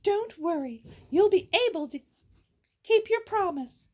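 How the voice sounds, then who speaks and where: A woman voicing Beauty, a devoted young daughter, gently reassuring her father in a read-aloud story. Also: very high voice, expressive, a little slow.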